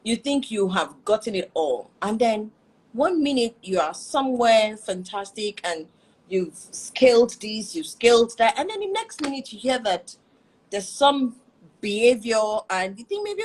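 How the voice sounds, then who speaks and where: A woman hosting an interview, animated and self-deprecating, laughing often as she talks. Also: fairly high pitch, a little slow, slightly rough, poor audio. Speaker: interview host. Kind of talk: candid conversational interview.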